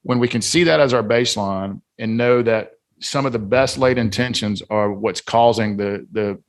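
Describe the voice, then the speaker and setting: A man's voice: on the low side, normal speed. A man from Atlanta, a guest author and coach on a podcast, talking in an earnest, emphatic, lecturing way. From Atlanta, Georgia, US. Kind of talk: casual podcast conversation.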